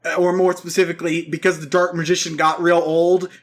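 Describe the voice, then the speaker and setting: High-voiced man recapping in a ramble. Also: level tone, a little fast. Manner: rambling, self-interrupting. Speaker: podcast co-host. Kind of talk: casual chat.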